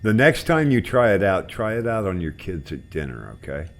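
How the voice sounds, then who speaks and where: A man hosting a flight sim group, chatting in a relaxed, rambling way while he flies. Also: low-pitched, normal speed. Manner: relaxed, rambling, trailing off quietly. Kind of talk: casual chat while flying.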